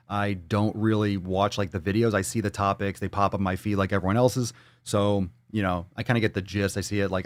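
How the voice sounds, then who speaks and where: A man's voice: lowish voice, smooth, dry recording. A man hosting a live fitness show, reading viewer comments and ranting with heavy profanity and sarcasm.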